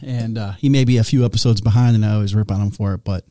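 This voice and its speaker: Low, mellow-voiced podcast co-host. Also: male voice, steady tone, racing, dry recording, studio quality. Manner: laid-back, gives shout-outs. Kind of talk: casual chat.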